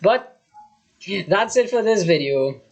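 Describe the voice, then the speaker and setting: A reaction host from Trinidad chats casually through the end of the video, offhand and easygoing. The voice sits at a middling pitch. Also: animated, slow pace, a little mellow.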